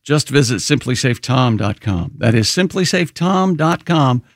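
A man's voice: mid-range voice, lively intonation, a little slow, no room sound, clean studio sound. A radio co-host man giving a playful live-read ad for a home security product.

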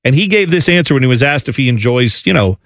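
A man hosting a sports radio show, chatting casually and playfully, quick to laugh. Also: mid-range voice, animated, a bit bright, dry recording, studio quality. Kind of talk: casual sports talk chat.

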